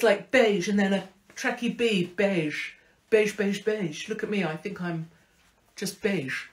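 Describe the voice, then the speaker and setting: A middle-aged woman hosting a casual live stream, blunt, rambling and profane. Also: medium pitch. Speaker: host.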